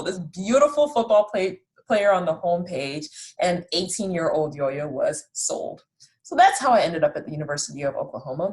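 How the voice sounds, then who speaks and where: A woman's voice: low-pitched, darkish tone, rough recording. A woman in her late twenties hosting a podcast, chatting casually about her own life in a self-deprecating way and often restarting sentences. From raised in the Netherlands. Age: late 20s. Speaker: podcast host. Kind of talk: casual personal storytelling.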